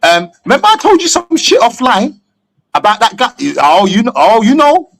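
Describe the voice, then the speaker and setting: A man's voice: very high-pitched, sing-song, moderate pace, a bit bright, soft background music. A man from England, a stream guest talking bluntly and opinionatedly, swearing freely. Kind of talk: casual chat on a live stream.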